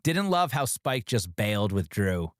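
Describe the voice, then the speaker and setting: An animated man co-hosting a casual podcast chat. His pitch swings widely, and he often jumps high to quote characters. The sound is dry and close. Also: measured pace, dry recording. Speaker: podcast co-host.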